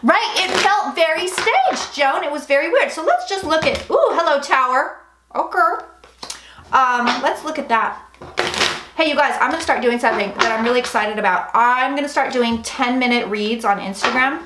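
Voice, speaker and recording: Chatty high-voiced woman livestreaming tarot. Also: animated, moderate pace. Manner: chatty, frank, swears, reads viewer comments aloud. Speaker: psychic livestream host. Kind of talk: casual livestream tarot reading. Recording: echoey room, faint noise.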